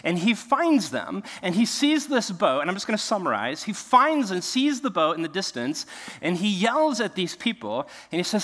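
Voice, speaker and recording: A male pastor preaching in a large echoing hall, with a bright and forceful voice. His pitch rises and falls a lot as he tells the story with energy. He acts out the voices of the people in it. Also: very animated, normal speed. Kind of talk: sermon. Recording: long reverb of a large hall.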